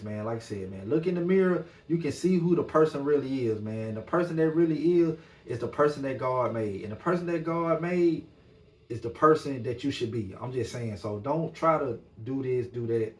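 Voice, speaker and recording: A laid-back man hosts his podcast, talking loosely and ending almost every phrase with "man". His voice sits at an ordinary middle pitch. It rings in an echoey room. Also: darkish tone. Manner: laid-back, repeats "man" at line ends. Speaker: podcast host. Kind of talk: casual monologue.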